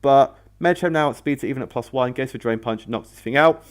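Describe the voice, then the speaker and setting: A man's voice: mid-range voice, fast talker. A man hosting a casual battle commentary video, rambling and often correcting himself mid-sentence. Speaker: host.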